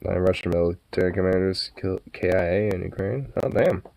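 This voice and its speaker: A man's voice: low voice, a little fast, vocal fry, darkish tone, slight background noise. A man streaming live in casual chat, laughing often, swearing and making sarcastic remarks.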